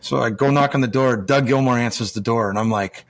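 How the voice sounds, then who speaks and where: A man's voice: mid-range voice, a little fast. An American man, a former hockey player, telling long stories in a rambling way, with many restarts and acted-out quotes. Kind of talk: casual storytelling.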